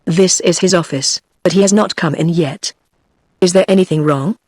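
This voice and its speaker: A text-to-speech woman's voice with a British English accent, reading the lines of a composed, sharp-witted young secretary in a brisk, firm manner. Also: lowish voice, breathy edge, no echo, studio quality.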